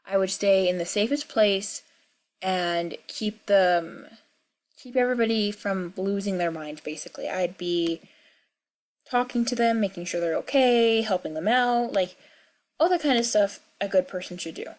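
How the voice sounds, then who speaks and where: A woman's voice: mid-range voice, moderate pace, darkish tone. A young woman casually talking through game lore, musing and thinking aloud with fillers. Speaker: video creator.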